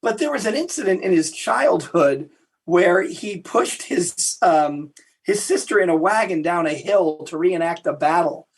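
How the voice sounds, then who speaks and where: Telling stories in an interview, this man has a husky, high-pitched voice and talks a little slowly. He's a guest historian whose animated anecdotes keep restarting.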